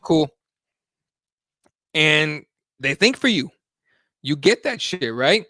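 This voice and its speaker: A man's voice: on the high side, very animated, slow pace, long pauses, pushed and bright, no echo, clean studio sound. A man hosting a live talk show, rambling and swearing a lot in a heated, casual chat. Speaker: host.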